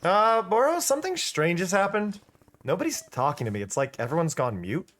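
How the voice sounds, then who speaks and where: A man's voice: high voice, very animated, brisk, fairly bright tone. A person voicing an eager, pushy young woman while reading game dialogue aloud. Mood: worried.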